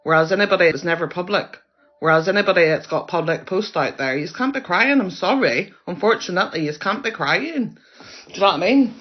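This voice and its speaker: A woman holds forth on a live stream, sharp-tongued and combative. She keeps repeating herself to drive each point home, heavy with sarcasm. Her voice comes through dull, lo-fi phone audio. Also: lowish voice, lively intonation, fairly quick. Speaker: livestreamer. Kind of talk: ranting monologue on a live stream.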